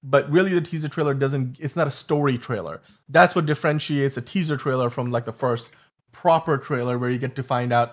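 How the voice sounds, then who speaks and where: A man in a casual podcast chat, mid-pitched and talkative. He rambles and restarts his sentences in an animated way. The sound is slightly muffled and lo-fi. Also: brisk. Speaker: show host.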